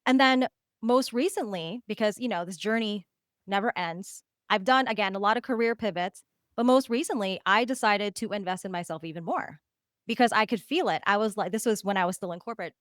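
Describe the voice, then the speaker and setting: A woman's voice: mid-range voice, fairly quick, fairly bright tone, no echo, clean studio sound. A woman coach and podcast host giving a live masterclass talk, telling her story candidly and animatedly, with casual swearing.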